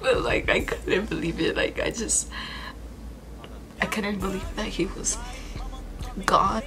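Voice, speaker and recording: A woman in a vlog, recounting a personal loss in a halting, emotional way, full of fillers and restarts. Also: mid-range voice, fairly even intonation, crowd noise, poor audio. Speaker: vlogger. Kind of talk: personal storytelling.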